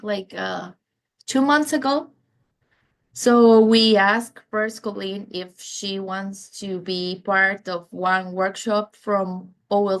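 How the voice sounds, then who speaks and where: Slow, careful woman program coordinator. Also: mid-range voice. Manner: careful, slightly halting non-native phrasing. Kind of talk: online workshop presentation. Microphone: video call.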